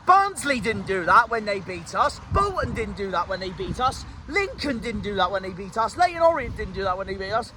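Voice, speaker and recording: Young man, West Country accent, furious swearing rant, high voice, street traffic in the background. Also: very animated, normal speed. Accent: West Country English. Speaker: football fan vlogger. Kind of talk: angry post-match rant. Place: outdoors in a city street. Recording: outdoor street noise, traffic.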